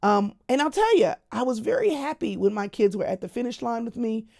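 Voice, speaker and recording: Brief: middle-aged woman, higher voice with some fry, casual to-camera storytelling, faint music behind. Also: animated, brisk, dark tone. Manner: chatty storytelling that talks straight to the audience as "y'all". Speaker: Christian speaker sharing a personal update.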